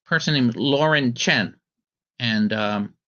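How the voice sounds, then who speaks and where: A man's voice: medium pitch, takes it slowly, sharp tone. Male podcast host, rambling casual commentary, restarts often, slightly dull lo-fi recording. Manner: rambling, full of ums and restarts.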